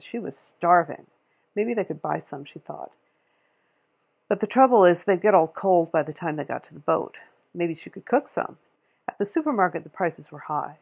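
Gravelly-voiced woman reading a novel. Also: on the low side, a little mellow. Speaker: audiobook reader.

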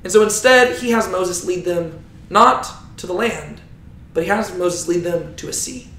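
High-voiced man teaching, roomy echo. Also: normal speed. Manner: animated storytelling, often asks "right?". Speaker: Bible teacher. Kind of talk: teaching talk.

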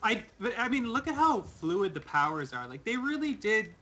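Brief: young male gaming co-host, bright sharp tone, stumbles over his words eagerly. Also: sits high, very animated, moderate pace, lo-fi sound, a little hiss or hum. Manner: stammers and restarts, enthusiastic. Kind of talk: casual gaming chat.

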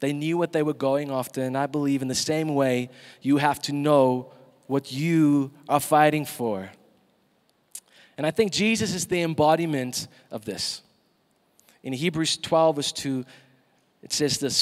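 A man's voice: mid-range voice, unhurried, in a large hall. A man preaching a sermon in a church, emphatic and asking the congregation questions.

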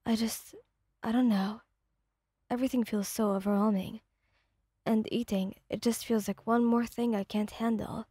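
A woman's voice: on the high side, fairly even intonation, moderate pace, warm tone, breathy edge, no echo, studio quality. A woman reading the part of an anxious, withdrawn young person who answers hesitantly. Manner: hesitant, evasive.

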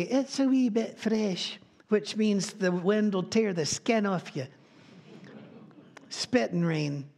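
A man preaching a conversational sermon as pastor, telling folksy stories with asides and light humor. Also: high-pitched. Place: church.

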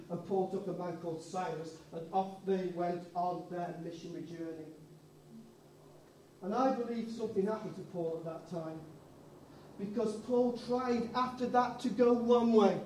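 A pastor preaches a sermon in a church hall, telling a story and acting out the people in it. His voice is high-pitched and warm, at a moderate pace. The mic is far off, so the hall sounds echoey with slight background noise.

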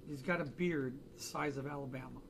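A man's voice: medium pitch, brisk, noisy background. A man teaching a drawing class, chatting casually and joking through anecdotes in front of students. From United States. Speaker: art instructor.

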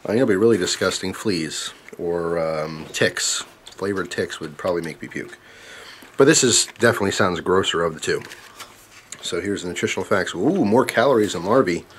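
A man's voice: deep voice, brisk, a bit bright, a little hiss or hum. A young man vlogging at home, chatting wryly as he tastes bugs and talks to his dog. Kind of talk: casual vlog, tasting food on camera. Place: indoors at home, camera on tripod.

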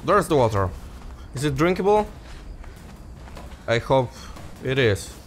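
Excitable let's player, very lively pitch, slow delivery. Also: male voice, slight background noise. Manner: excitable, laughing, talks to viewers as guys. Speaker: gaming youtuber. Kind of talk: casual let's play commentary.

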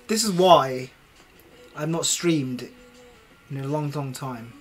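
A man's voice: mid-range voice, takes it slowly, pauses often, faint music behind. A young man live-streaming a video game, cursing and ranting at himself in casual commentary. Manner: swears a lot, exasperated ranting, talks to himself.

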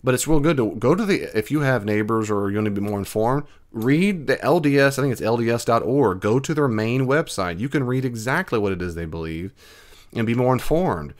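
A man's voice: medium pitch, lively intonation, a little fast. A man hosting his own podcast, answering listener questions in a folksy, earnest, conversational way. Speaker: podcast host.

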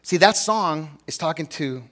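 Pastor, male, high-pitched, earnest, conversational sermon with rhetorical questions. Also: animated, unhurried, pushed and bright.

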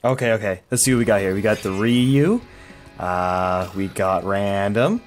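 A man narrating his own gameplay in an excitable rush, his pitch jumping all over as he swears and hollers at the screen. Faint music plays underneath him. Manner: loud, swearing, quick to shout and groan. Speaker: gamer playing a fighting game.

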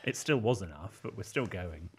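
A male podcast co-host with a husky, slightly breathy voice, talking in a dry, arch way. His pitch swings widely as he chats. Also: lively intonation, normal speed. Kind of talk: casual chat.

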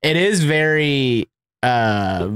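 A man's voice: medium pitch, animated, very slow, fairly bright tone, clear, resonant tone, no room sound. A young man co-hosting a gaming channel, chatting casually and joking while playing a fighting game. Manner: laid-back, joking, laughs often.

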